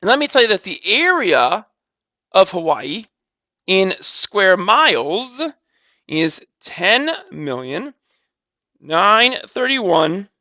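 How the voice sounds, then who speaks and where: A man's voice: high-pitched, very animated, slow pace, sharp tone, no echo, lo-fi sound. A man teaching a recorded math lesson, walking through calculations step by step in a casual way and repeating numbers.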